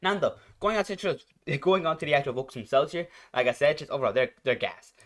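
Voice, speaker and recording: A man's voice: a little high, expressive, fast, a bit bright. Rambling young man reviewing a song. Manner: rambling, repeats himself, searches for words. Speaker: reaction channel host. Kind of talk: casual reaction commentary. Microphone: headphones.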